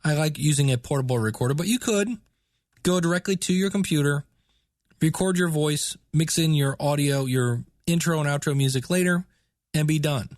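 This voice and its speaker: A man's voice: on the high side, moderate pace, darkish tone, dry recording, studio quality. A man hosting a podcast, explaining setup tips in a chatty, casual way. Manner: chatty, explanatory, with filler words. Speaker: podcast host.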